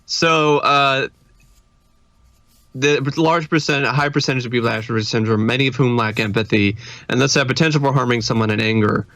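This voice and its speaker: A man's voice: medium pitch, fairly quick, a bit bright, no echo. A man co-hosting a podcast in casual chat, laughing often. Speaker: podcast co-host.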